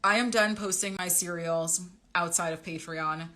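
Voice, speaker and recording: A woman's voice: fairly low pitch, fairly even intonation, moderate pace, bright, forceful tone. A young woman, a romance author, chatting casually on a livestream and rambling through updates for her readers. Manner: chatty, rambling, reads out viewer comments.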